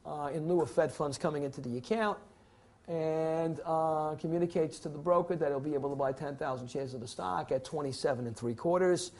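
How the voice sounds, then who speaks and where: A man's voice: on the high side, brisk, darkish tone. A man teaching a securities licensing class, lecturing theatrically and acting out client and broker scenes for the students. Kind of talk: classroom lecture with acted scenarios.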